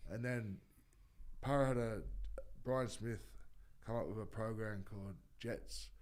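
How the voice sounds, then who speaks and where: Low-pitched Australian man, former rugby league player, casual rambling chat, lots of fillers and swearing. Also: a little slow, darkish tone. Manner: rambling, swears freely, many fillers and restarts.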